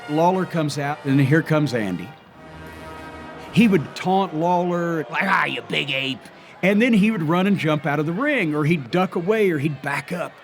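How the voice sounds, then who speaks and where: An older man recounts the story with vivid, animated energy. His voice sits fairly high for a man and stays lively as he describes each scene. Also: normal speed, soft background music. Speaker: wrestling historian. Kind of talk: storytelling interview.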